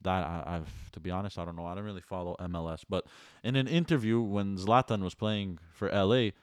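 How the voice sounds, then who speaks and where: Laid-back low-voiced man chatting. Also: steady tone, brisk, no echo, studio quality. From Canada. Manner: laid-back, argues his point with laughs. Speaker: podcast co-host. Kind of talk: casual chat.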